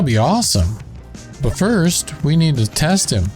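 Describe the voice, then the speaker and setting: A man's voice: fairly high pitch, big pitch swings, measured pace, darkish tone, faint music behind. A man with a Southern drawl chatting casually as he plays and narrates a building game, thinking aloud as he works. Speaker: gaming channel host.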